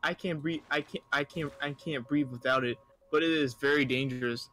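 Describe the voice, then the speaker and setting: A man's voice: fairly high pitch, steady tone, normal speed, bright, forceful tone, slight background noise. A young man hosting a comedy podcast, reading stories aloud in a casual, joking way. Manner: reads aloud with acted voices, joking.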